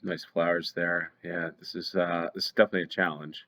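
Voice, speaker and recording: A man's voice: low-pitched, flat delivery, brisk, bright, forceful tone, slight background noise. An American man hosting a play-along geography game, thinking aloud with hesitant ums as he weighs each guess. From United States. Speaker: game show host. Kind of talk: play-along gameplay commentary.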